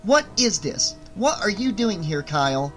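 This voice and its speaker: A man's voice: extremely high pitch, normal speed, sharp tone, faint music behind, pitched above the performer's own voice. A man voicing a stern woman who runs a children's home, insistent and firm. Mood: accusing. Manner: insistent, tugging firmly.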